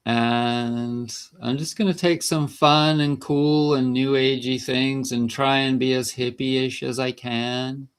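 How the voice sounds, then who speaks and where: A man's voice: mid-range voice, steady tone, slow pace, hardly any pauses, smooth. A man vlogging about natural health in a casual, rambling monologue, chatty and laughing between sentences.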